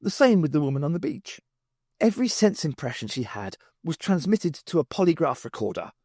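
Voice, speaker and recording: A man's voice: fairly high pitch, big pitch swings, a little fast, a little mellow, no echo, studio quality, voice pushed up. A man doing an impatient, lecturing time traveller. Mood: urgent lecturing. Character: impatient, grave, ancient male time traveller.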